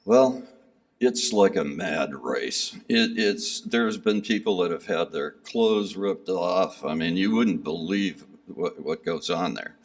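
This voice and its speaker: A man recounts his pilgrimage to a gathering in casual storytelling, rambling and self-deprecating, full of fillers. His deep, creaky voice is very animated and slow. The hall recording catches him from somewhat far from the mic.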